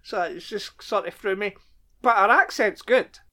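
A man's voice: high-pitched, measured pace, pushed and bright. A man co-hosting a podcast, chatting casually about a film with frequent ums and easy chuckles. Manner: laid-back, chuckling, many ums. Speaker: podcast co-host. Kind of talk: casual chat.

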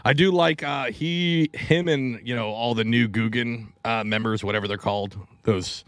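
Brief: man, mid-pitched, blunt and profane podcast co-host, dry close sound. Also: fairly even intonation, moderate pace, fairly bright tone, no room sound. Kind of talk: casual podcast chat.

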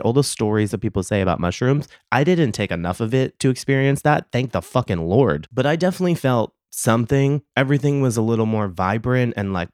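A man's voice: on the low side, a little mellow, no room sound, studio quality. A man hosting a podcast, telling a confessional story in a casual, profane, self-mocking way and laughing often. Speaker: podcast host.

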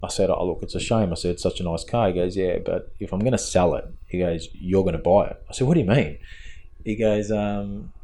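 Australian man, low-pitched voice, casual podcast chat, rambling anecdotes, acts out quoted dialogue. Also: brisk, warm tone. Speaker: podcast co-host, fabricator and tuner.

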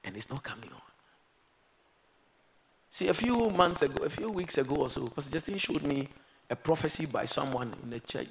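A man preaching a sermon, moving between quiet, reflective passages and loud, emphatic exhortation. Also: on the high side, gravelly, background noise. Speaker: pastor.

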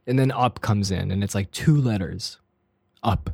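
A man's voice: lowish voice, a little slow, gravelly, warm tone, breathy edge, no room sound. Chatty man with a dry close voice. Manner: playful, laughs often, trails off and restarts. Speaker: podcast co-host. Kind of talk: casual chat.

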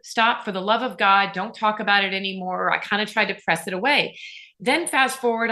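A middle-aged woman telling a personal story as an interview guest, earnest and animated, often turning to the host. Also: mid-range voice.

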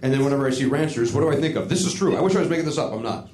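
A man hosting a casual comedy podcast, joking and laughing through quick banter. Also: mid-range voice, echoey room, slight background noise. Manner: animated, quick to laugh, jokey. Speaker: podcast host.

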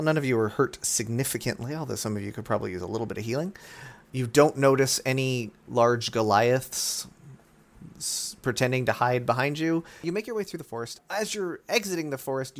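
A man narrating a tabletop game as game master, animated and self-deprecating. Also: mid-range voice.

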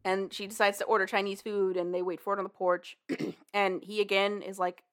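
A woman's voice: medium pitch, little pitch movement, a little fast. A chatty woman co-hosting a casual book-recap podcast. She talks loosely, sprinkles in fillers and acts out the characters' lines as she goes. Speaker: podcast co-host.

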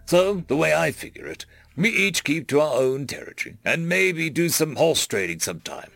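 A man's voice: a little high, normal speed, gravelly, no room sound, studio quality, full character voice. A man voicing a friendly, easygoing human settler who talks in a drawling, homespun way. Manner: drawling, relaxed, homespun phrasing.

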